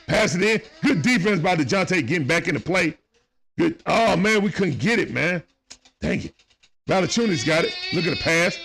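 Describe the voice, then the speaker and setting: A man's voice: a little high, a bit bright. A man doing casual play-by-play commentary on a live stream. He talks in slang, greets viewers by name, and speaks into a phone.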